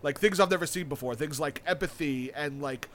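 A man's voice: a little high, fairly quick, fairly bright tone. A young man in casual chat, rambling enthusiastically with lots of fillers, restarts and casual swearing. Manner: enthusiastic about a video game.

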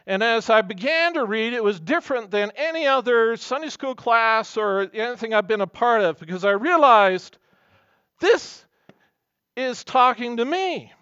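A man's voice: extremely high pitch, expressive, normal speed, few pauses, bright, forceful tone, smooth, dry recording, dull audio. A man preaching a sermon as pastor, earnest and emphatic, weaving in personal stories.

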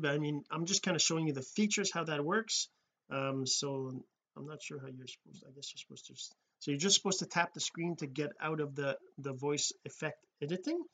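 A man's voice: a little high, pushed and bright, a little hiss or hum. A man giving a casual tutorial at his home computer setup, rambling and correcting himself as he goes. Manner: rambling, self-correcting, many fillers. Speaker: tutorial host. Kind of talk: casual screen-recorded tutorial.

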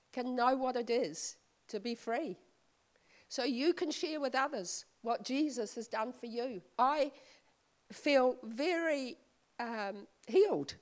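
A woman preaching as a visiting speaker, telling a personal story in a slow, heartfelt way. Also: sits high, darkish tone. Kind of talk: sermon.

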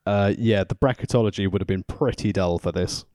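A man's voice: on the low side, darkish tone, no echo, clean studio sound. A man co-hosting a podcast from home, chatting wryly and laughing easily. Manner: chatty, wry, quick to laugh. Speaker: podcast co-host. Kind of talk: casual chat recapping a wrestling show. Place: home, near the kitchen.

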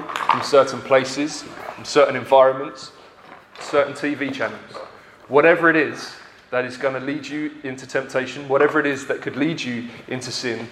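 A man's voice: mid-range voice, fairly bright tone, a little hiss or hum. A man preaching a sermon, earnest and emphatic, repeating phrases for effect. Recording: roomy echo.

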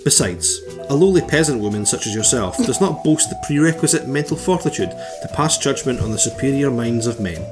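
A man's voice: medium pitch, lively intonation, a little fast, hardly any pauses, over music, lightly acted. A man voicing a pompous, woman-scorning sixteenth-century English king, grandly reading out a comedic letter in character.

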